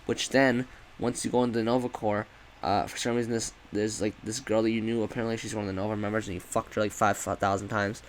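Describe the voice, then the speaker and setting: A man's voice: on the low side, little pitch movement, fast, a little hiss or hum, poor audio. A man giving a rambling, profane, casual review of a video game, often correcting himself.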